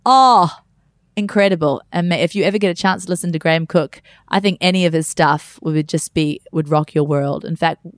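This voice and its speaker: A woman co-hosting a podcast, telling stories in a rambling, animated way. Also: lowish voice, fairly quick, dry recording, studio quality. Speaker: co-host. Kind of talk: casual chat.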